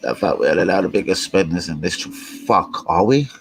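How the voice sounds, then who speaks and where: A young man chatting casually and excitably on a live stream, swearing freely as he reads chat. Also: sits low, fairly quick, gravelly, breathy edge, poor audio. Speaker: fan channel live streamer.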